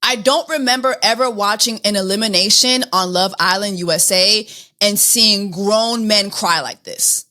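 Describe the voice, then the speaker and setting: A woman's voice: medium pitch, moderate pace, pushed and bright. A woman hosting a casual review of a reality show episode, dramatic and playful, often repeating phrases for comic effect. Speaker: reality TV recap host.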